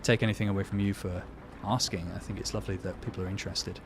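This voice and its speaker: A man's voice: low-pitched, flat delivery, quick pace, noisy background. A man chatting casually with his live-stream viewers while playing a truck game, joking about himself and answering their messages. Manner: chatty, self-deprecating, reads out and answers chat.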